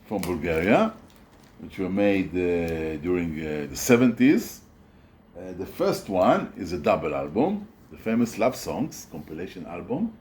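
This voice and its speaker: A man with a very low voice talks slowly through the records he collects, stopping often to search for words. There's a faint noise under the recording. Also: a little mellow. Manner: hesitant, many fillers and restarts. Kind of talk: casual show-and-tell video.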